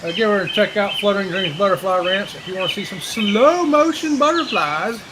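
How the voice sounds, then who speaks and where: A man hosting a live stream in casual chat, folksy and excitable, often saying y'all. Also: high voice, rapid-fire, background noise.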